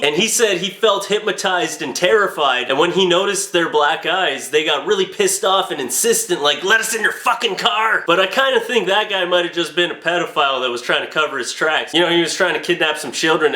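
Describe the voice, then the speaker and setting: Young man, crude sarcastic vlog rant, bright voice, roomy echo. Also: sits high. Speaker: vlogger. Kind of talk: comedic rant. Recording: echoey room.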